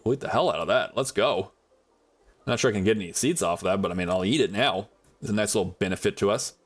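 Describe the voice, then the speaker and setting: Male streamer, casual, rambling; lively voice, talks to chat and to objects in the game. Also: medium pitch. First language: English is his only language. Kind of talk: casual gameplay commentary.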